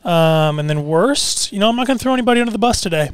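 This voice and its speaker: A man's voice: high voice, lively intonation, quick pace, smooth, no echo. A man in his twenties from Seattle, a basketball player talking as a guest in a casual interview, laid back and full of fillers.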